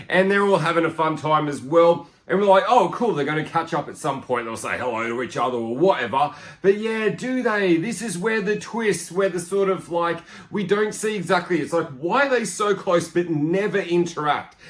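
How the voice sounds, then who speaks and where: A young man hosting a podcast, chatting excitedly through a casual film review and acting out lines from it. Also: on the high side.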